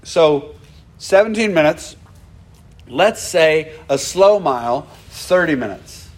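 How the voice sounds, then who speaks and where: Animated man preaching a casual sermon. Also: on the high side, slow. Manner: animated, conversational, acts out quoted dialogue. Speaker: pastor.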